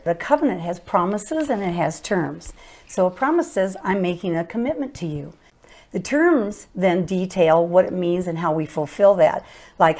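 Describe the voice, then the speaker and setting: A woman's voice: on the low side, a little mellow. Earnest older woman teaching about marriage. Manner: earnest and explanatory.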